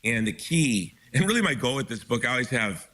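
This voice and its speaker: A man's voice: medium pitch, big pitch swings, brisk, bright, forceful tone. A man being interviewed as a guest author, speaking with urgent emphasis and frequent restarts. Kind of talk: impassioned interview talk.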